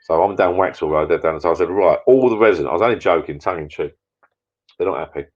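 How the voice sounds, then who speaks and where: A man's voice: low voice, steady tone, fast, dull audio. A man hosting a casual live stream, rambling chattily and reading out viewer comments.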